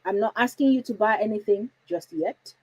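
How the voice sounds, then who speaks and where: A woman's voice: medium pitch, steady tone, moderate pace, warm tone, no room sound, rough recording. A woman hosting a parenting livestream from home, chatty and reassuring, often putting questions to her viewers. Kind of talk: casual livestream talk.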